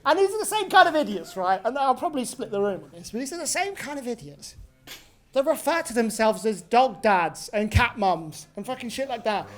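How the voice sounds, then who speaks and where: A woman's voice: on the high side, very animated, a little fast, soft background music. A woman in her twenties doing a sweary stand-up set in a pub, ranting and tagging lines with "right?". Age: 20s. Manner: swearing, ranting, tag questions. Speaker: stand-up comedian. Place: pub venue.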